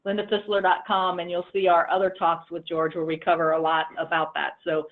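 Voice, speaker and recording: A woman's voice: lowish voice, flat delivery, a little fast. A woman hosting a casual interview chat, friendly with hesitant ums. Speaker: host. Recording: tinny phone-like line.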